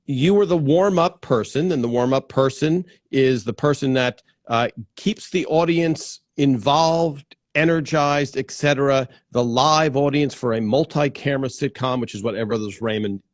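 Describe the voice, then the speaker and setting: A man's voice: mid-range voice, normal speed, no echo, studio quality. A man hosting a casual live stream, chatting and greeting viewers by name as he goes, with frequent restarts. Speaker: livestream host. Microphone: plugged-in desk microphone.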